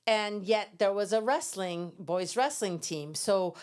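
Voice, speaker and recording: A middle-aged woman from Iran, a guest in an interview, telling lively stories and acting out quoted voices with laughter. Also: mid-range voice, measured pace, smooth. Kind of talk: storytelling interview.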